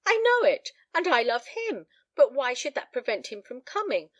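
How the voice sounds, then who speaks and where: A woman voicing an eager young daughter who pleads in a high, bright, imploring tone. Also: sing-song, a little fast, dry recording, lo-fi sound.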